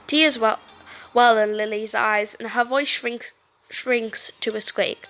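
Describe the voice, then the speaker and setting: A woman reading a story game aloud, animated and stumbling over words now and then. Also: fairly high pitch, slow, faint music behind. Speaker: game streamer.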